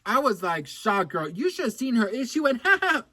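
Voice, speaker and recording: A man's voice: high-pitched, moderate pace, no echo. Campy, gossipy man with a swooping voice. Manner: campy, gossipy and animated, with lots of swearing and "girl"; rambling with frequent restarts and asides. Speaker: celebrity gossip vlogger. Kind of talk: casual chatty storytelling to camera.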